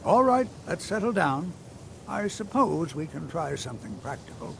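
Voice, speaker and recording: A gentle old wizard instructor from a fantasy video game, lecturing his class with a lively, rising and falling voice and a gravelly crackle. Slightly high for an old man. Steady background noise runs under the game audio. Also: normal speed, full character voice. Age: older. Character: patient, kindly old male wizard teacher. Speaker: magic instructor.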